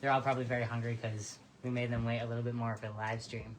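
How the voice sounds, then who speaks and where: A volunteer caretaker, out of breath, chatting affectionately during a live-stream barn tour. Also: female voice, rumbling low, flat delivery, fast, a little hiss or hum, low-quality recording. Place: horse barn.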